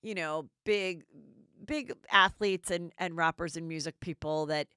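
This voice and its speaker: Smooth-voiced, blunt gossip host woman. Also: on the low side, a little slow, bright, forceful tone, no echo, studio quality. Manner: blunt, chatty, swears freely. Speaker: podcast host. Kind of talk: casual gossip commentary.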